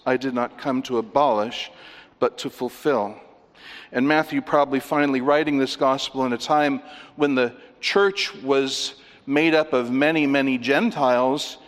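A man preaching an expository sermon, emphatic as he walks listeners through scripture references. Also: medium pitch. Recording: long reverb of a large hall.

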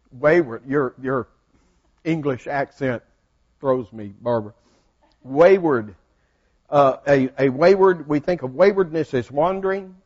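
A man teaches a Bible study in a folksy, conversational way and keeps turning questions back to his class. His voice sits a little high. The recording is dull and lo-fi. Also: a little mellow. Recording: dull lo-fi sound.

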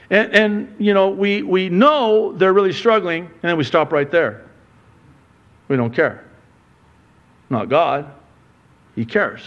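Animated slow-talking male pastor. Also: dull audio. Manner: animated, swings between loud exclamations and soft low asides; acts out quoted dialogue with God in a raised voice. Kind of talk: sermon.

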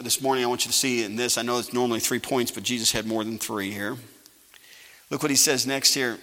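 A male pastor preaching a sermon, calling for amens and swinging from quiet asides to loud emphasis. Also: medium pitch. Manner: preaching with call-and-response. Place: church sanctuary. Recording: live church sanctuary with long reverb.

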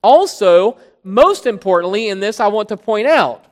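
A preacher teaching from scripture in a sermon, stressing points by drawing key words out slowly and then speeding up. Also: mid-range voice, lively intonation. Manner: emphatic, stretching key words slowly and then rushing ahead. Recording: long hall reverb.

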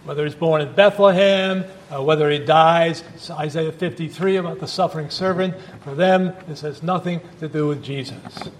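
A man's voice: fairly high pitch, moderate pace, few pauses, slight background noise. A male pastor preaching a sermon at a church service in a conversational, emphatic way, with asides to the congregation.

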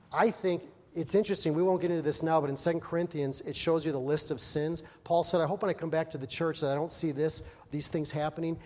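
A man preaching in a somewhat high voice, his words trailing into a long hall reverb. He retells the story with lively energy, raising his voice when he acts out the characters. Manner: animated storytelling, acting out the characters in raised voice. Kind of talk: sermon.

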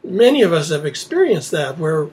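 A man's voice: a little high, very animated, normal speed. A man preaching an expository sermon, reading scripture aloud and explaining it with rhetorical questions. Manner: rhetorical questions, dropping to quiet emphasis.

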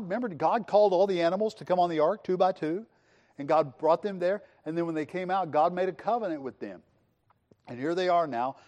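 Higher-voiced man preaching a sermon. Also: a little mellow. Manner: reads scripture slowly and low, then preaches with rising fervor; folksy and conversational, with restarts. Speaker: pastor. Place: church sanctuary.

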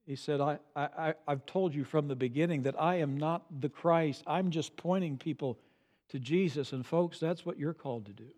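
Older male pastor preaching in a reverberant hall. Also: moderate pace. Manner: swings from soft low asides to loud emphatic peaks. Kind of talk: sermon. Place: church sanctuary.

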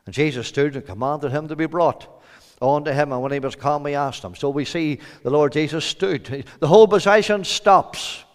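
A Northern Irish man preaching an evangelistic sermon, swinging from quiet low lines to loud shouted emphasis. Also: fairly even intonation, moderate pace. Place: church hall. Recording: hall reverb.

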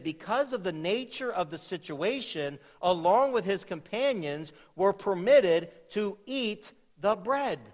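A man with a notably high voice delivers an expository sermon, pressing hard on his key points. The sound carries a long reverb, as in a large church sanctuary. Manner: emphatic, rising to loud peaks on key points. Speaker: pastor.

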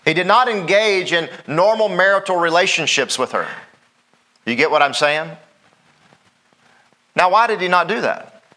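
Bright high-voiced preacher man. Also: animated, normal speed, long pauses. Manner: folksy, asks the congregation "Amen?". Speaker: pastor. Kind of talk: sermon.

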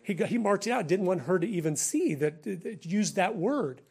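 Man preaching in a lively, conversational way. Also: high voice, normal speed, vocal fry, slightly rough. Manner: animated, conversational, laughs between points. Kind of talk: sermon-style talk.

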